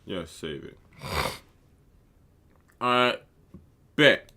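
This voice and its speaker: A man giving casual reaction commentary, breaking into excitable, incredulous exclamations. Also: mid-range voice, extremely slow. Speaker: content creator.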